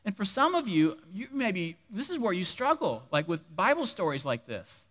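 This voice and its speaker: A man's voice: sits high, very animated, moderate pace, fairly bright tone, big-room sound. A man preaching a sermon, telling a Bible story with humor and playful asides to the congregation.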